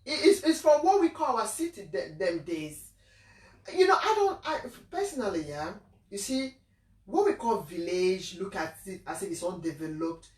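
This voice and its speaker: Woman host, Igbo Nigerian accent, animated chat, echoey room. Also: medium pitch, moderate pace. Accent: Nigerian Igbo English. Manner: animated, repeats words, laughs often. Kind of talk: casual discussion. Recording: echoey room, mic at a distance.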